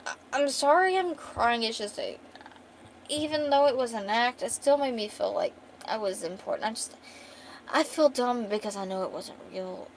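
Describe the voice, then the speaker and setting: A woman's voice: a little high, lively intonation, normal speed, a little hiss or hum, rough recording. A woman doing a giggly drunk deer-lady Celestia. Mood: tearful. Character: tipsy flirtatious deer-woman noble. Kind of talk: reading a comic aloud.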